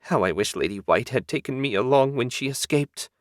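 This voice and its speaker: A man's voice: mid-range voice, lively intonation, brisk, no echo, studio quality, voice pushed up, close to an everyday voice. A man doing a whiny, bitter demon servant. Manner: whiny, grumbling, sarcastic. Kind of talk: audiobook character voice.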